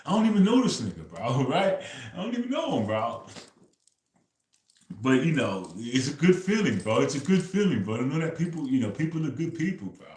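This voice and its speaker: A man's voice: a little high, big pitch swings, fairly quick, darkish tone, echoey room. A man hosting a casual livestream, telling stories loosely and tagging "bro" onto nearly every phrase. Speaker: livestream host.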